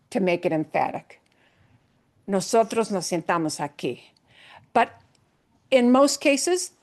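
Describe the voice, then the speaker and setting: A woman Spanish teacher explaining grammar to her class patiently, step by step, with everyday examples. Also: mid-range voice.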